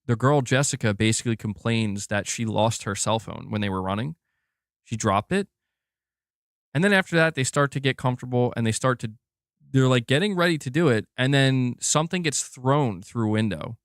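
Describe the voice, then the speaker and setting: A man hosting a gaming channel, reviewing a game in a casual livestream, rambling and excitable, swearing freely. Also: mid-range voice, no echo, studio quality.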